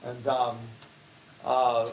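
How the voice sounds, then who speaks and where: A man's voice: mid-range voice, completely flat delivery, very slow, low-quality recording. An American man speaking earnestly at a church mission presentation, rambling a little with fillers and restarts. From United States.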